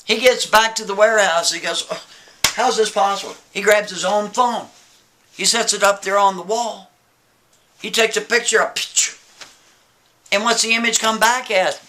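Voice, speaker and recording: A man telling a story in a casual, animated way, often checking in with the listener and posing questions. His voice is bright, forceful and slightly high. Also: normal speed, slight background noise. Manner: animated, keeps asking "right?" and rhetorical questions.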